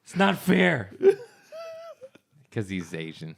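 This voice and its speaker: A man's voice: lowish voice, sing-song, slow pace, vocal fry, a bit bright, a little hiss or hum. A man in crude, profane comic banter, teasing and laughing often.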